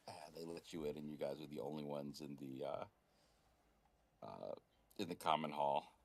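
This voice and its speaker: A male game master narrates a tabletop game in a deep, low voice. He rambles through scenes, pausing often with fillers as he improvises the story. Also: vocal fry, a little mellow, breathy edge.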